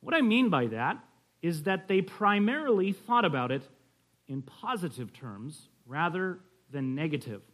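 A man's voice: on the high side, big pitch swings, measured pace, a bit bright. Conversational man lecturing a class. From California. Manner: conversational, tells stories, checks in with "okay?". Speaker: teacher. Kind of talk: classroom lecture on church history.

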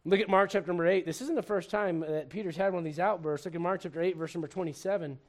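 A male pastor from Puerto Rico preaching a sermon, animated and joking, often restarting sentences and acting out little scenes. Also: sits high, fast talker.

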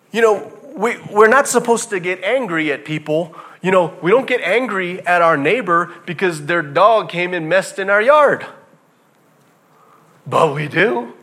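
A male preacher delivers an impassioned, emphatic sermon, swinging between quiet reflection and loud emphasis. His voice sits high.

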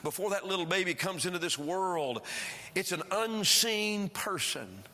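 A man preaching a sermon, swinging between emphatic rises and quiet drops as he speaks. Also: high-pitched, lively intonation, unhurried. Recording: preaching in a reverberant church hall.

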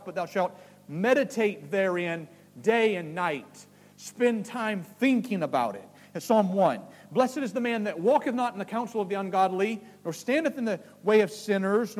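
A man preaching a sermon as pastor, animated and jokey, with voiced asides. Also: sits high, in a large hall.

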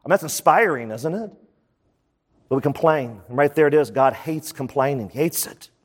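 A man preaching a sermon in a conversational style, full of quick asides. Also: on the high side, lively intonation, breathy edge, big-room sound. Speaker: pastor.

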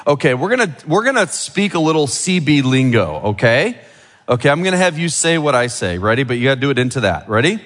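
A man's voice: medium pitch, sing-song, fast talker, a bit bright, in a large hall. A middle-aged male pastor giving a sermon with a children's object lesson, chatty and full of questions to the room. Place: church sanctuary.

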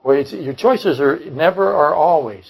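A man's voice: fairly high pitch, measured pace, creaky, slightly rough, low-quality recording. An older man preaching a sermon, blunt and combative, often repeating and restarting his phrases. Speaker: pastor. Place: church service.

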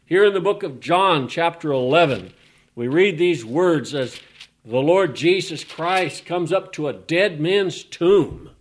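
Male preacher, higher voice, slow deliberate sermon delivery, dramatic swings from hush to loud. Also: expressive. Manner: swells from hushed to loud, repeating phrases.

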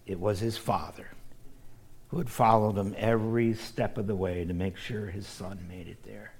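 A middle-aged male pastor from the Midwest preaching a sermon, addressing his congregation directly and moving from loud emphasis to hushed near-whispers. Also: fairly low pitch, steady tone, normal speed, slightly rough. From American Midwest.

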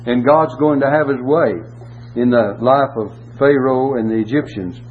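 A man's voice: medium pitch, moderate pace. A man preaching a sermon and reading scripture, emphatic, repeating key words and asking rhetorical questions. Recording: tinny phone-like audio with faint hum.

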